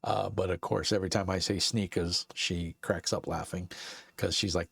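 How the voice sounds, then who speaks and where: A middle-aged man with a Brooklyn New York accent rambles through a casual live-stream chat, full of fillers and easy laughs. His voice sits very low and gravelly, with a husky edge. The sound is close and dry, recorded at home in his basement. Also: fairly even intonation, moderate pace, a bit bright, no room sound. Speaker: streamer and channel host.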